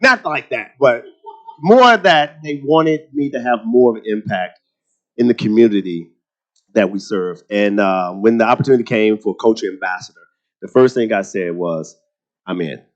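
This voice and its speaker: A man from Texas with a Southern accent, a guest on a luncheon panel, telling animated stories and often restarting his sentences. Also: lowish voice, normal speed, highs cut off. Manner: animated storytelling, repeats words when starting sentences. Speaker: guest speaker.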